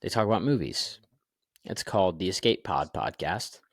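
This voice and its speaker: A man's voice: low-pitched, expressive, normal speed, slightly rough, no room sound, clean studio sound. A young man co-hosting a casual sports podcast over a video call, rambling with fillers and restarts. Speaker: podcast co-host.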